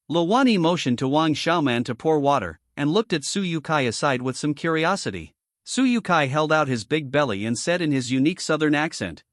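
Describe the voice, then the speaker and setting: Male recap narrator, lively pitch. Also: dry recording, studio quality. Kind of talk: scripted story recap narration.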